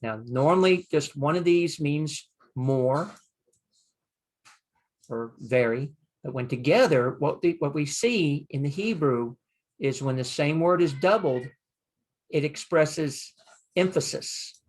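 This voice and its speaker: An older man teaching a Bible Hebrew lesson, slowly sounding out Hebrew words and explaining them with frequent pauses. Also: on the high side, expressive. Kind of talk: screen-share lesson.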